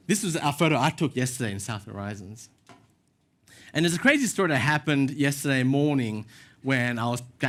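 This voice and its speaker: A man's voice: mid-range voice, a bit bright. Man preaching a casual sermon. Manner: casual storytelling with self-deprecating asides. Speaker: pastor. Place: church.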